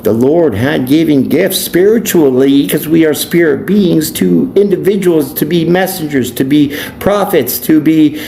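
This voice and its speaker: A man's voice: on the high side, creaky, a little mellow. A man, a tarot reader and life coach, ranting bluntly and preachily in a profane vlog monologue. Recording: echoey room, faint background noise.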